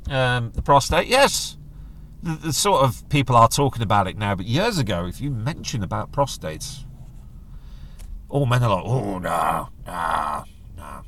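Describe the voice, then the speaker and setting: A man's voice: mid-range voice, very animated, moderate pace, a bit bright. A middle-aged man, hosting a casual solo podcast in a jokey, rambling manner. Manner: chatty, jokey, does silly voices when quoting others. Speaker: podcast host.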